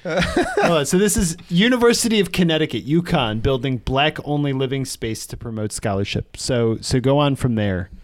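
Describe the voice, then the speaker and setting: A man's voice: medium pitch, sing-song. A man co-hosting a podcast, joking and provoking in casual banter. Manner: joking, provocative, quick asides. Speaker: podcast co-host.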